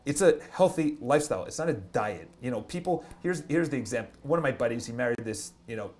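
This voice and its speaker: A man, a real estate agent and vlogger, giving an energetic motivational talk on a livestream, stressing points with a repeated "okay?". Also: medium pitch, fast talker.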